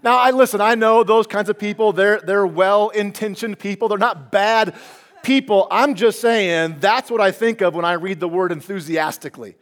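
High-voiced man preaching a lively sermon. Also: moderate pace. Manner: animated preaching with humor and repetition. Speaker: pastor.

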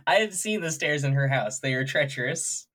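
Low-voiced teasing woman co-host. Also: lively intonation, moderate pace, fairly bright tone. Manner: laughs easily, teasing. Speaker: podcast co-host. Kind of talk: casual chat.

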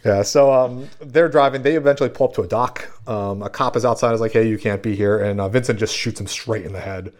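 Low-voiced man recapping casually. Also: fairly quick, few pauses. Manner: relaxed, filler-heavy recap. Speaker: podcast host. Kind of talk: casual chat recapping a film.

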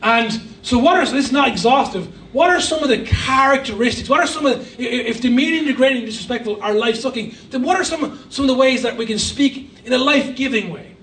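A man's voice: very high voice, fast talker, few pauses, a bit bright, reverberant, distant mic, slight background noise, low-quality recording. A man preaching a sermon as a guest pastor, emphatic with humorous asides. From Ireland. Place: church hall.

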